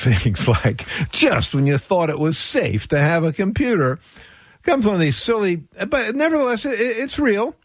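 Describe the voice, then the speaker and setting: A man's voice: fairly high pitch, no echo. A man hosting a radio health talk show as a doctor, delivering a monologue with wry, sarcastic asides and little chuckles.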